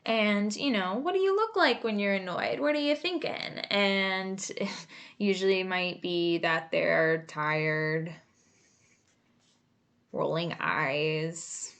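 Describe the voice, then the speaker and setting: A woman working as a creative arts therapist, explaining a coping exercise in a relaxed, chatty way with many fillers and asides. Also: fairly low pitch, slow. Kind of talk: casual instructional talk.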